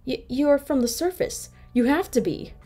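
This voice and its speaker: A woman's voice: on the high side, expressive, a little slow, warm tone, slightly rough, voice pushed up. A woman voicing a stuttering, shocked doctor troll. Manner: stuttering, sputtering.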